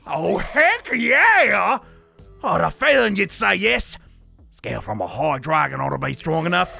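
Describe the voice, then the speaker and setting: Man doing a loud, gravelly, high Aussie demon smith from a video game, all bluster. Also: unhurried, no room sound, soft background music, full character voice. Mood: eager. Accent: put-on Australian. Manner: loud, shouty, excitable. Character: brash boastful male demon blacksmith, hot-tempered. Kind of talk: reading game dialogue aloud in character.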